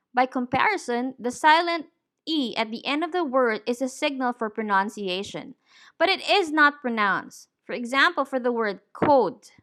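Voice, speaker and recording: A woman teaching English pronunciation, saying each word deliberately and clearly. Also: high voice, pushed and bright. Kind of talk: slow, careful pronunciation lesson.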